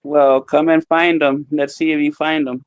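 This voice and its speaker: A woman from the South with an unusual Southern accent and a very deep voice, teasing the others during a stream. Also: flat delivery, normal speed, clear, resonant tone, no echo. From American South. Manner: teasing, sassy. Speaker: stream guest. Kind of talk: casual banter.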